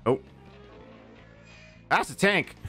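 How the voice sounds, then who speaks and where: Drawing out his words in a bright, forceful voice, a man streams a game in casual let's-play talk with faint music behind him. He wanders into profane asides about films, his pitch swooping up and down.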